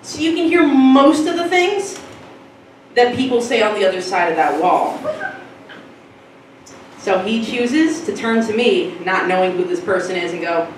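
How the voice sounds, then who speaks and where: A woman's voice: medium pitch, expressive, unhurried, pauses often, distant mic, a little hiss or hum. A young woman performing a stand-up comedy set, chatty and self-mocking, rambling through asides. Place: comedy club stage. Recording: echoey club, mic from afar.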